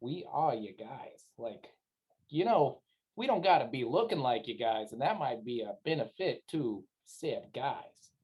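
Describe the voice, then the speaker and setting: Smooth-talking adventurer voiced by a woman, persuasive, wheedling, low voice. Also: animated, measured pace, highs cut off. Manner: wheedling, persuasive sales-pitch talk. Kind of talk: tabletop role-play voice acting.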